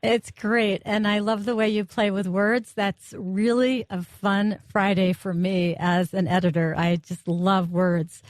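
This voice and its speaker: A woman's voice: medium pitch, fairly even intonation, a little slow, few pauses, no room sound, clean studio sound. Friendly woman hosting a podcast chat. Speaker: podcast host and editor. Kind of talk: casual interview chat.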